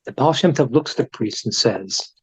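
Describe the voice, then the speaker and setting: A man, a rabbi teaching a class, telling stories in an animated way and often repeating words as he restarts. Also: medium pitch, moderate pace, husky. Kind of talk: storytelling lesson. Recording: dull lo-fi recording.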